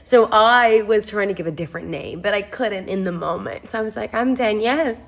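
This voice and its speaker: A woman's voice: brisk, vocal fry. Wry woman telling a storytime. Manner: animated, wry storyteller with sudden high pitch jumps; sarcastic, comic asides. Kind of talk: storytime vlog.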